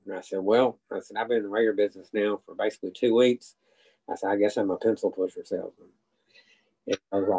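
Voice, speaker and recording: A man's voice: fairly low pitch, brisk, warm tone, rough recording. Older man telling shop stories. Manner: rambling anecdotes with restarts and acted quotes. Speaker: interview guest, retired radiator salesman. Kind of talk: casual storytelling.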